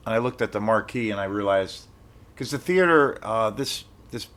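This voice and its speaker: A young man telling a rambling, animated story in a casual vlog, swearing when he gets excited. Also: fairly low pitch. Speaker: film vlogger.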